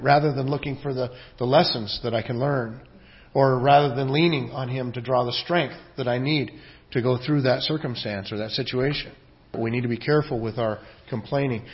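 A pastor preaching an earnest, emphatic sermon and reading scripture aloud. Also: male voice, on the high side, muffled recording.

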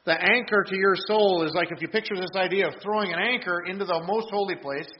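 A man's voice: sits high, quick pace, lo-fi sound, a little hiss or hum. A man preaching a conversational sermon, earnest and plain-spoken, teaching with frequent restarts. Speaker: pastor.

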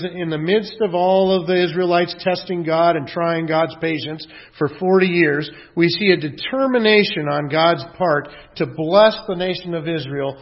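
Earnest preaching man, lo-fi church audio. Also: fairly high pitch. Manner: earnest, emphatic preaching, reading scripture aloud. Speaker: pastor. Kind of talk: sermon.

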